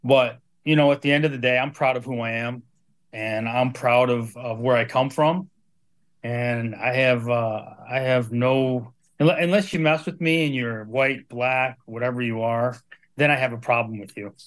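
A man in his fifties speaks as a podcast guest and hammers his points home by repeating key phrases. His voice sits at a middle pitch, and his talk is firm and earnest. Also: fairly even intonation, normal speed. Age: 50s. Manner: emphatic, repeats phrases for force. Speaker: guest, hardcore band member. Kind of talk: casual podcast chat.

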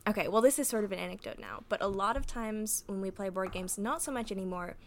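A woman's voice: mid-range voice, big pitch swings, fast, vocal fry, slight background noise. A young woman hosting a podcast, casually telling family stories with lots of giggles and filler words. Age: young adult. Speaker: podcast host. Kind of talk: casual storytelling.

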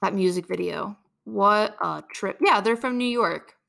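A young woman hosting a podcast, telling stories in a chatty, animated way. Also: mid-range voice, a little slow, vocal fry. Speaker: podcast host. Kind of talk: casual chat.

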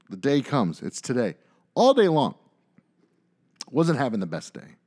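A man in his thirties, a podcast co-host, telling a story in casual chat, ranting and swearing with animated energy. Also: mid-range voice, normal speed, pauses often.

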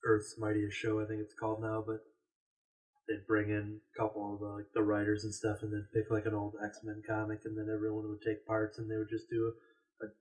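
A man's voice: lowish voice, monotone, a little fast, darkish tone. A man co-hosting a casual podcast from a store, rambling with lots of fillers. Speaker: podcast co-host. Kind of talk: casual chat. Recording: distant from the mic.

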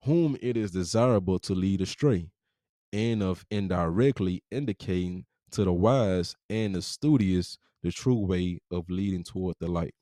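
A man's voice: sits low, normal speed, dark tone, no room sound, studio quality. A man hosting a podcast, reading passages from a book aloud and adding casual, profane comments between them, speaking. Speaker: podcast host.

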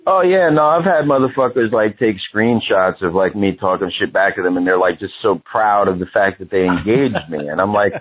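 A man's voice: lowish voice, brisk, few pauses, husky. Profane laid-back New man on a phone line. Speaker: interview guest. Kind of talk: casual interview talk. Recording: phone-line radio sound.

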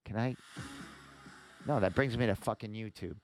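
During a casual livestream screen walkthrough, a male podcast host browses a website aloud, full of fillers and swearing. His fairly low, slightly mellow voice moves at normal speed over soft background music.

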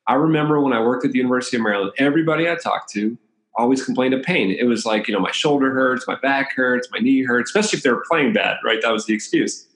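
A chiropractor from the Washington, D.C. area tells casual, anecdotal stories in an interview, laughing between them. His medium-pitched voice is fast and a bit bright, and the recording has a roomy echo.

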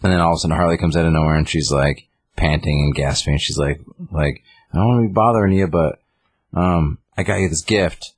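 A man's voice: rumbling low, steady tone, fairly quick, husky, no room sound. A man casually recapping a comic story, rambling with lots of fillers. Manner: rambling retelling with many fillers. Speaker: comic book reviewer. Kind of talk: casual chat.

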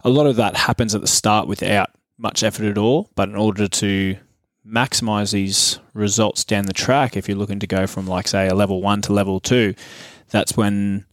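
A young man co-hosting a fitness podcast in a relaxed, joking way, laughing often. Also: lowish voice, normal speed, few pauses, no echo, studio quality. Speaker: podcast co-host, fitness coach. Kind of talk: casual chat.

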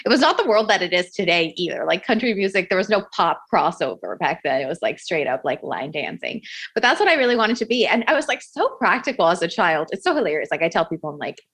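A woman's voice: fairly low pitch, sing-song, fast talker, a bit bright. Chatty woman business coach guest. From Miami, United States. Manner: chatty, laughing often. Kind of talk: casual interview.

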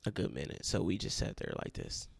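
A young man with a low, gravelly voice shares his personal testimony earnestly, in a storytelling manner, leaning on repeated phrases for emphasis. He speaks a little fast with big pitch swings. The recording is dry and close, with no room sound.

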